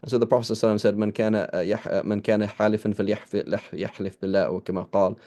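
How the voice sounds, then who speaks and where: A man with a lowish, warm voice races through an informal scripture lesson in a flat delivery. As a teacher, he talks conversationally, quotes Arabic phrases, and keeps restarting and checking in with listeners.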